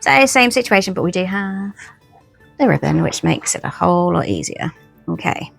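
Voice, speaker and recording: With soft background music behind her, a tarot vlogger chats loosely about her new decks in a haul video, teasing herself and restarting lines often. She has a gravelly, fairly low voice with lively intonation, speaking at normal speed.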